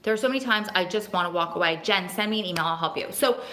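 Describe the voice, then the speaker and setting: A woman's voice: lowish voice, fast talker, pushed and bright. Effusive woman livestreaming to viewers. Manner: effusive and emotional, gushing thanks to viewers. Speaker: host of a livestream for prison families. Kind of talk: casual live chat, reading viewer comments. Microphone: phone.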